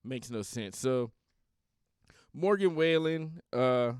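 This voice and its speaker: Podcast host, male, smooth dry voice, blunt and rambling in casual opinion talk. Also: medium pitch, expressive, takes it slowly, no echo.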